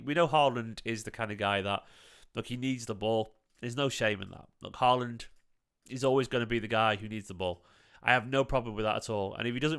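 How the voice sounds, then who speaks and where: A man reacting to a match live for his fan channel, in a smooth, clear voice. His talk is casual and emphatic, with a pitch that sits in the middle. He hammers points home by repeating them and swears freely. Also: a bit bright. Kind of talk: livestream football match reaction.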